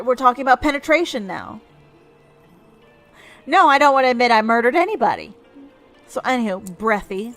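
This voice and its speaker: A woman's voice: on the high side, a bit bright. A woman giving jokey, rambling commentary while streaming a video game. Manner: jokey, rambling, quick asides.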